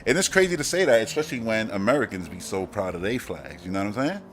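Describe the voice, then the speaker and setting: A man's voice: fairly low pitch, sing-song, fast, slight background noise. A man with a Brooklyn accent, hosting a casual live-stream chat in a slangy, rambling way and laughing often. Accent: Brooklyn, New York. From Brooklyn, New York. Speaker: podcast host.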